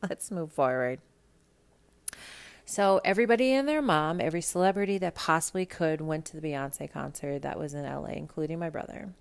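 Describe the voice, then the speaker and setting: A woman's voice: sits low, steady tone, brisk, creaky. A woman from Minnesota hosting a podcast, chatting about celebrity gossip in a blunt, sassy way and swearing freely. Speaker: podcast host. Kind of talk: casual celebrity gossip monologue.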